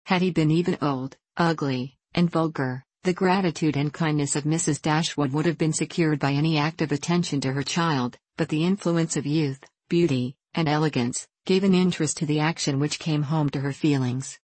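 A woman with a low, deep-set voice reads a classic novel aloud. Her delivery is measured and even. The sound is dry and close, with no room around it. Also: no echo. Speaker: audiobook narrator. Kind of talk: scripted narration of a classic novel.

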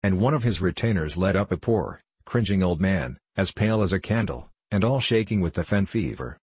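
A man narrates an old novel at a measured pace. His voice is very low and a touch husky. The recording is close and dry, with no room sound. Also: animated, a little mellow, no echo. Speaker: audiobook narrator. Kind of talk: scripted narration of a classic novel.

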